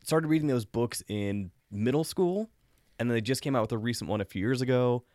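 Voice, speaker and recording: A man co-hosting a casual podcast, talking about films in an animated, amused way. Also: medium pitch, a little fast, no room sound, clean studio sound. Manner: animated, laughing, amused asides. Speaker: podcast co-host. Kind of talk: casual film chat.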